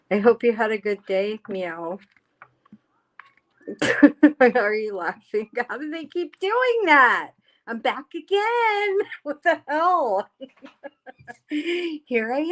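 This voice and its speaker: A woman chatting slowly and unhurriedly on a home livestream. She reads chat messages aloud, talks bluntly and swears freely. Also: mid-range voice. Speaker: livestream host. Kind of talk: casual live-stream chat.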